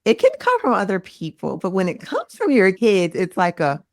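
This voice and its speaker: A woman's voice: medium pitch, moderate pace, no room sound, studio quality. A woman in her thirties, a mindset coach, talking earnestly in a casual podcast chat and acting out quoted lines. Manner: earnest, animated, acts out quotes.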